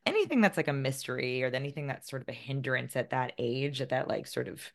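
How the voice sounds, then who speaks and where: Low-voiced, chatty woman author. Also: animated, fast talker. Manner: chatty, self-deprecating, laughs often. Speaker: author guest. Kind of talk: casual interview conversation.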